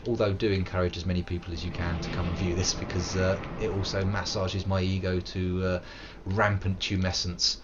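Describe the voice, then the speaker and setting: A British man in his thirties giving live commentary while he plays, self-mocking and swinging from loud outbursts to low mutters. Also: a little fast. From United Kingdom. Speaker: streamer. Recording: muffled with steady background hiss.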